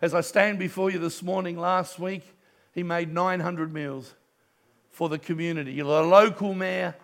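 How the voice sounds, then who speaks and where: A middle-aged man, preaching a sermon in church and telling a story with passion, dropping to a hush and then rising loud. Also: high voice, steady tone, unhurried. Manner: impassioned storytelling preacher, swings from hushed to loud. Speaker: pastor.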